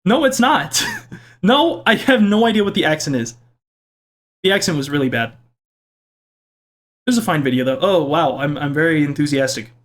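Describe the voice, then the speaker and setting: A young man stands in his home kitchen, reading out his video's viewer comments and cracking jokes about them in a casual, self-mocking way. His fairly bright voice has lively intonation, and his playful delivery jumps quickly up and down in pitch.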